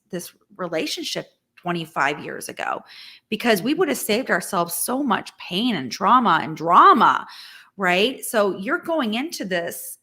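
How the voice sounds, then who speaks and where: A woman's voice: mid-range voice, sharp tone. A woman in her forties, a business owner talking earnestly and emphatically in a heartfelt conversation, often restarting her sentences.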